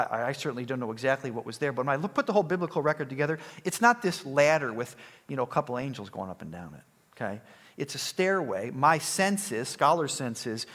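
A man's voice: mid-range voice, a bit bright. A man preaching a sermon in an emphatic, conversational way, often restarting phrases.

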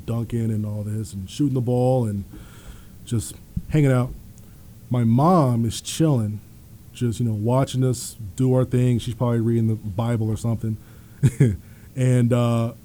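A man's voice: medium pitch, a little hiss or hum. A man in his thirties, a former college basketball player, telling stories in a studio chat, laughing often and acting out the people he quotes. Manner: animated storyteller, laughs often, acts out quoted voices. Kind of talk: casual storytelling.

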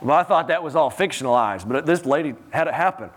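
A man preaching a sermon in a church in a conversational, animated way, often chuckling and repeating his words. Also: fairly high pitch, fast.

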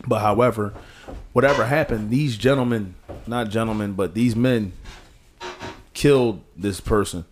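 On a casual podcast, a male co-host speaks with passion, pushing his pitch up to stress points and dropping it low when quoting others. His delivery is a little mellow.

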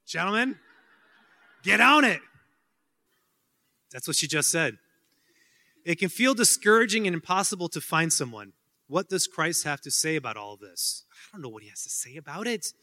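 Heard in a long-reverb hall, a man holds a casual Q&A with students, his voice on the high side, expressive, a little fast and sharp in tone. He meanders through answers with plenty of fillers and humorous asides.

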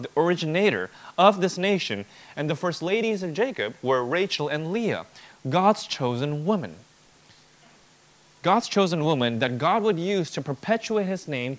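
A man preaching an expository sermon, emphatic, building points through rhetorical repetition. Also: fairly high pitch.

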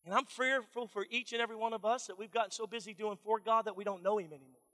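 A man's voice: high voice, fairly even intonation, quick pace, pushed and bright. A man preaching a sermon in earnest, warning tones, addressing the congregation as friends. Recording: long reverb of a large hall.

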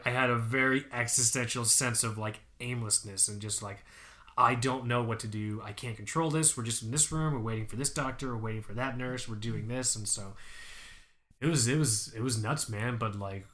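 A young man co-hosting a podcast, telling a personal story in casual chat, animated, laughing often and swearing. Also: mid-range voice. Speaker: podcast co-host.

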